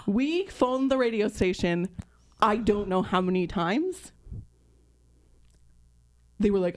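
A woman's voice: medium pitch, slow, pauses often. A woman in her thirties co-hosting a podcast, telling a story in casual chat and acting out the voices of the people in it. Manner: animated, acts out voices in anecdotes. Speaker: podcast co-host.

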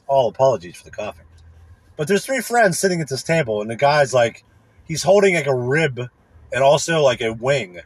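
A man's voice: medium pitch, big pitch swings, normal speed, fairly bright tone, husky, no echo. A man hosting a podcast, ranting in a profane, rambling way, often asking "you know what I mean.". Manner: profane, rambling, irritated complaining. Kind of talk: casual rant.

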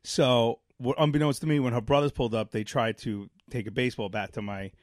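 A man from Brooklyn tells a long story in casual chat. He rambles with lots of fillers and jumps into acted-out quotes. His voice sits at an everyday middle pitch, close and dry on the mic. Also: brisk, dry recording. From Brooklyn, New York. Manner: animated, rambling, many fillers, acts out quotes. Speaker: podcast co-host.

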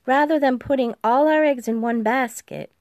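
A woman's voice: sits high, normal speed, a little mellow, no echo, clean studio sound, pitched above the performer's own voice. A woman voicing a composed female US president who speaks with careful, precise enunciation in an audiobook. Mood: formal, briefing. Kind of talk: audiobook dialogue.

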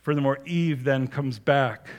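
A man's voice: mid-range voice, measured pace. A man preaching a sermon, reading scripture aloud and then explaining it with emphasis.

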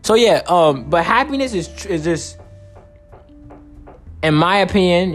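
A man's voice: sits high, expressive, measured pace, pauses often, soft background music. A young man hosting a casual solo podcast, talking in a rambling, profane way while saying he is tired. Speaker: podcast host.

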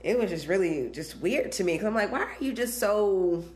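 Woman, podcast co-host, blunt and profane, laughs a lot, lively pitch, echoey room. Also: normal speed. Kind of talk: casual chat.

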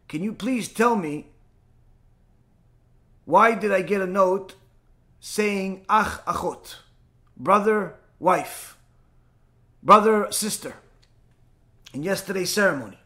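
A man voicing a revered old rabbi and sage who calmly commands and reassures a frightened congregation. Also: high-pitched, exaggerated voice.

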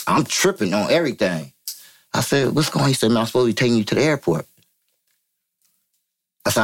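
A man from Vallejo, California, telling a story as an interview guest, profane and animated, acting out quotes in a higher voice. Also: a little fast, long pauses. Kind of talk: casual storytelling.

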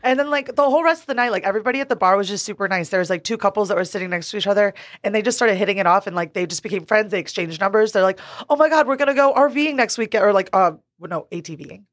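Young woman, podcast co-host, animated storyteller, laughs a lot, mid pitch, dry close sound. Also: rapid-fire, few pauses, no room sound. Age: young adult. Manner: animated storyteller, laughs often, swears casually. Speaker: bartender. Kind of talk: casual chat.

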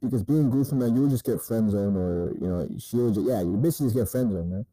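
Dark-voiced, profane man giving dating advice. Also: lowish voice, fast, dry recording, poor audio. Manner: crude, profane, repeats "man" often. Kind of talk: casual monologue advice.

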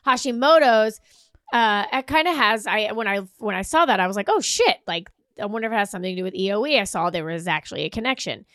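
A woman's voice: medium pitch, fast, dry recording, studio quality. A woman co-hosting a podcast, chatting casually and telling stories with swearing and laughter. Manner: animated, swearing, laughing storyteller. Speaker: podcast co-host. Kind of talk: casual chat.

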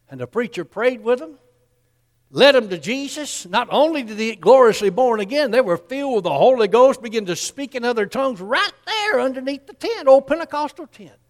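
Preacher guy telling a story, high voice kinda gravelly, big echoey hall. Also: expressive, normal speed, a bit bright. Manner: folksy, acts out the people in his story. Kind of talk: sermon storytelling.

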